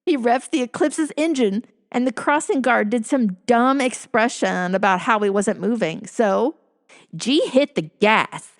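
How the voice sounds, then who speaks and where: A woman's voice: fairly high pitch, measured pace, hardly any pauses. A middle-aged woman casually telling a personal story, often chuckling and breaking off into asides and self-corrections. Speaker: storyteller recounting her own life.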